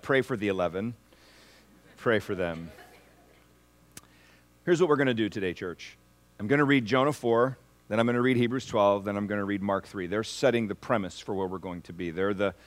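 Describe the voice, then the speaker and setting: A man preaching a sermon as pastor, asking the congregation for responses and swinging from hushed, slow lines to loud, rising ones. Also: fairly low pitch.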